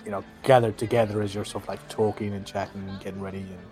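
Male game master, rambling narration, fillers, fairly low pitch, faint music underneath. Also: level tone, fast, a little mellow. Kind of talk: narrating a tabletop fantasy game.

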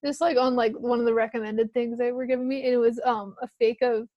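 A woman's voice: fairly high pitch, fairly even intonation, quick pace, no echo, dull audio. A young woman chatting casually, telling stories full of "like" and laughing often. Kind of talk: casual chat.

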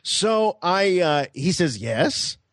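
Male podcast host, casual storyteller, lively and fairly high. Dry close sound. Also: normal speed, no room sound. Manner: animated, laughing, acts out voices.

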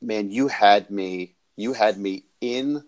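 A man's voice: fairly low pitch, slow. A man hosting an interview, talking earnestly and effusively with many restarts. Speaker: host. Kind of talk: casual interview.

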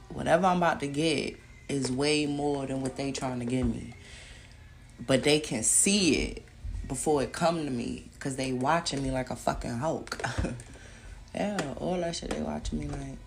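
A woman hosts her own podcast in a loose, swearing monologue. Her voice sits low with a gravelly rasp. She jumps from loud, emphatic bursts to muttered asides. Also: a little hiss or hum. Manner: profane, emphatic storytelling. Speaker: podcast host. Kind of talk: casual monologue.

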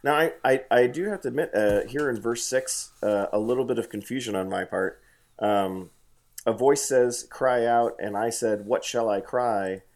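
A man with a lowish voice leads a casual bible study conversation at normal speed. He sounds hesitant, full of fillers and restarts, and reads scripture aloud.

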